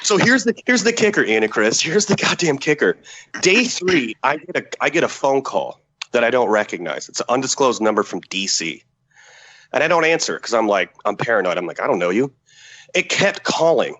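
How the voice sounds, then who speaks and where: A man's voice: mid-range voice, brisk, muffled recording. Profane storytelling man. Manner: profane, animated, acts out quotes. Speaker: podcast guest, former special forces soldier. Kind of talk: casual storytelling.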